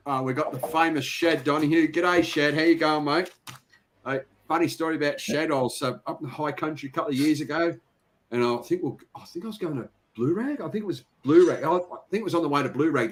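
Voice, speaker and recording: A man's voice: a little high, fast, slight background noise. A middle-aged Australian man from Victoria, hosting a casual live-stream chat, telling stories, getting sidetracked and laughing often. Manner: chatty storyteller, easily sidetracked, laughs often. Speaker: host. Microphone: video call.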